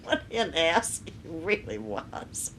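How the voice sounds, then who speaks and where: An older woman in an archival interview, telling lively anecdotes and mimicking the people in them. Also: deep voice, slow, background noise. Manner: animated storytelling with laughs and mimicry. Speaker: radio writer, interviewee.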